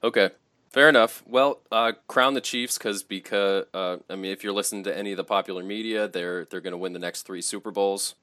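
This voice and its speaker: A low-voiced man trades opinions on a casual sports podcast, animated and salty, breaking into laughs. His voice sits close and dry, with no room around it. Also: a little fast, dry recording. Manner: animated, profane, laughs often. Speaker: podcast co-host.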